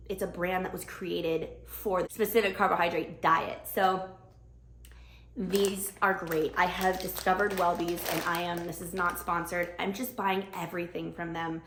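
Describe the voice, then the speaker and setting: A bubbly young woman chatting to camera at home, her voice sitting a little low for a woman. The room around her rings with a noticeable echo, and she talks with eager, chatty warmth. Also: level tone, normal speed, slight background noise. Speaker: vlogger. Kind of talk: casual chat to camera. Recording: echoey room.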